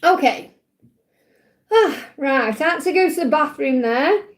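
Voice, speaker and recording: High-voiced chatty woman host. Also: animated, measured pace, slight background noise. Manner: chatty, reassuring, keeps checking in with "okay?". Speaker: spiritual reader hosting a live Q&A. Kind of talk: casual livestream reading.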